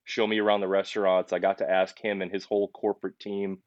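A man's voice: deep voice, level tone, fast talker, no room sound, dull audio. A young man, a podcast guest who owns a pizzeria, telling his story earnestly in a casual interview, with many restarts.

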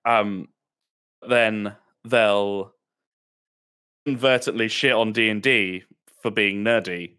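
A man with a slightly low voice talks casually as a podcast guest. He is relaxed and chatty, filling his sentences with "like" and "um" as he goes. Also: slow, pauses often, clear, resonant tone. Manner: laid-back, chatty, peppered with "like" and "um". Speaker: guest, tabletop role-play player. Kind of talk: casual chat.

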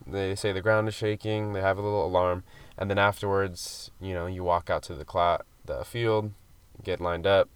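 This man's voice is on the low side and smooth, recorded on a studio mic with no room sound. He's a podcast co-host casually spinning a long, rambling story, leaning on fillers and swearing mildly.

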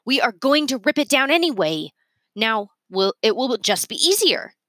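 A woman's voice: on the high side, very animated, normal speed, sharp tone, no room sound, studio quality, voice pushed up. A woman reading a storybook aloud, voicing a haughty, scheming woman buyer in a raised, scolding voice. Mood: scornful.

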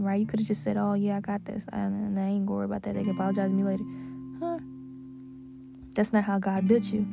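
A woman's voice: mid-range voice, vocal fry. Fervent praying woman, muffled closet recording. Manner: fervent, repetitive, drawn-out praise. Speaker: podcast host. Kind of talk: spoken prayer and testimony. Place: lying down in a closet. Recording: muffled closet recording over guitar music. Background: soft guitar music.

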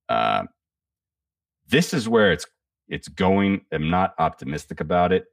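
A man with an extremely low voice delivers casual, profane political commentary on a podcast. He rambles, restarts his sentences often and talks bluntly. He sits back from the mic in a dry, dead-sounding room. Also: sing-song, unhurried, pauses often, no echo, far from the mic.

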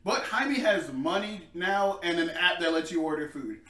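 High-voiced young man telling a story. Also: moderate pace. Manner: animated storyteller, laughs often, acts out yelling voices. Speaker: podcast co-host. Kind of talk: casual chat, storytelling. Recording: echoey room, distant mic.

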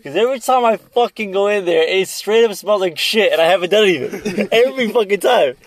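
A man's voice: high voice, animated, fairly quick. A young man chatting crudely with friends, rambling and swearing, often repeating himself and laughing mid-story. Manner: rambling, swears a lot, repeats words, laughs while telling stories. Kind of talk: crude casual chat among friends.

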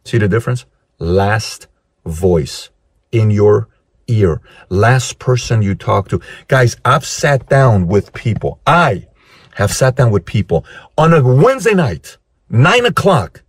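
A man's voice: mid-range voice, sing-song, a little slow, husky, no echo, studio quality. A middle-aged man hosting a motivational monologue, emphatic and fond of rhetorical questions. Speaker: host.

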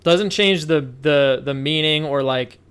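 A man's voice: fairly high pitch, unhurried, fairly bright tone, smooth. A man co-hosting a casual film discussion over a remote call, rambling with frequent restarts and hedging fillers. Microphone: remote call connection.

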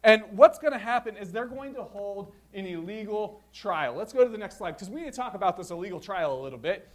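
High-voiced man preaching a sermon. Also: fairly quick. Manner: storytelling, animated retelling with voiced asides. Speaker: pastor.

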